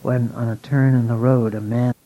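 A man calmly reading a spiritual story aloud at a measured pace. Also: medium pitch. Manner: calm, measured. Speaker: reader. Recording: dull lo-fi recording.

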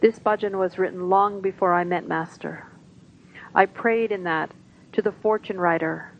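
A woman reading a translated spiritual talk and hymn lyrics aloud, slow and devotional. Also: mid-range voice, steady tone. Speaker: satsang reader. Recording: dull, lo-fi recording with faint hiss.

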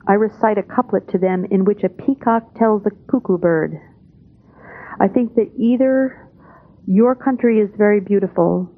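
Woman, spiritual talk translation, calm measured delivery, mid pitch, tinny phone-like old tape.

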